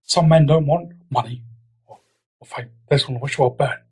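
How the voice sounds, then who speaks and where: Giggly husky man rambling on a podcast. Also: a little fast, dark tone. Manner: giggly, rambling, swearing, does mock impressions. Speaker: podcast host. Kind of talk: casual podcast chat. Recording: low-quality audio.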